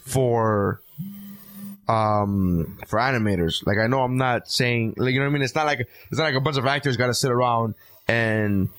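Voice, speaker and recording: A man's voice: medium pitch, normal speed, fairly bright tone, no room sound. A man co-hosting a podcast, chatting casually with crude jokes. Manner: joking, crude banter. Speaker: podcast co-host. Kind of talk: casual chat.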